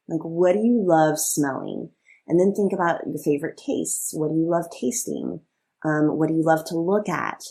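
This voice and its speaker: Husky low-voiced woman co-hosting a podcast. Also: mellow. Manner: chatty, laughs often, many fillers. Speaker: podcast co-host. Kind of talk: casual chat.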